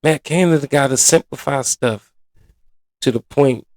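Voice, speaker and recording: A man's voice: mid-range voice, a little slow, a little mellow, no room sound. A man hosting a sports podcast in a casual, blunt and exasperated manner, full of colloquial slang. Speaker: podcast host.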